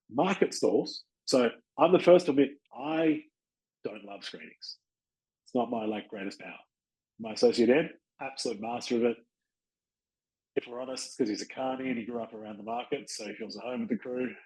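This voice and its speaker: An Australian man hosting a podcast, giving casual, blunt coaching advice and acting out quick exchanges with people. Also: medium pitch, darkish tone, poor audio. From Western Australia. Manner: blunt, chatty, acts out little dialogues with people. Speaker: podcast host and chiropractic practice coach.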